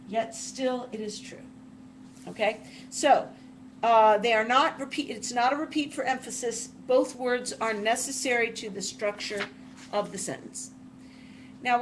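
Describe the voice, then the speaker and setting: Her voice is fairly high, and a little hiss or hum runs under the recording. The literature teacher works through a text in a careful lecture, reading passages aloud and dissecting sentences word by word. Deliberate in manner, she spells each word out while writing it.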